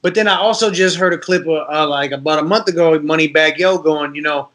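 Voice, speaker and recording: A Detroit rapper, guesting on a laid-back podcast, tells stories with animated energy and performs the voices of the people in them. His voice runs a little high and fairly quick.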